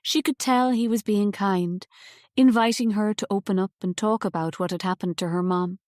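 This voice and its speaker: A woman narrates an audiobook from a script, her storytelling measured and level. Recorded dry and close in a studio, her medium-pitched voice carries no echo.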